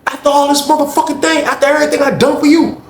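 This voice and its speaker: A man's voice: sits high, fairly quick, reverberant, a little hiss or hum, pitched above the performer's own voice, lightly acted. A man voicing a furious male prison inmate who curses and threatens. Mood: angry. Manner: cursing, threatening, raised voice.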